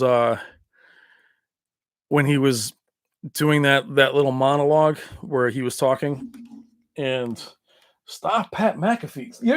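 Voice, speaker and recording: A man with a fairly high voice chats casually on his livestream, rambling and laughing often. The sound is dry and close. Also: dry recording. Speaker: livestream host.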